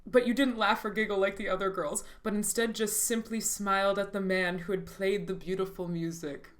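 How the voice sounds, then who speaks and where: A woman reads fanfiction aloud for laughs, giving the dialogue big theatrical lines and breaking off into dry commentary. Her voice sits at an ordinary middle pitch, and she keeps slipping into laughter at the text. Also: fairly even intonation, moderate pace. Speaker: host reading fanfiction aloud. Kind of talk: comedic dramatic reading with asides.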